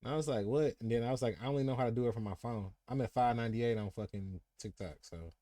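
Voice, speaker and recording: A man's voice: mid-range voice, quick pace, warm tone, dry recording, clean studio sound. A young man hosting a live podcast stream, telling stories in casual slang and acting out what people said. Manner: laid-back slangy storytelling, acts out quotes. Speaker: podcast host.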